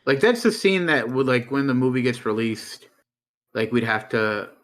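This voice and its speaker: A man's voice: medium pitch, expressive, normal speed. A man co-hosting a show, chiming in with short, casual reactions. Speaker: show co-host. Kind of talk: casual chat.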